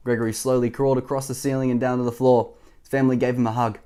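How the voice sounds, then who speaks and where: A man reading a children's picture book aloud, gently, with chuckling asides. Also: mid-range voice, flat delivery, racing, clear, resonant tone.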